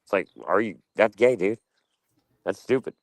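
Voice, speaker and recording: A man's voice: on the low side, normal speed, dry recording. A man from Delaware ranting casually and profanely on a podcast panel. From Delaware, USA.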